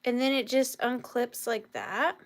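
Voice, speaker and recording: A woman's voice: a little high, measured pace, poor audio. A woman with a Southern US accent hosting a live vintage and antiques sale from home, chatty and gushing, greeting viewers by name.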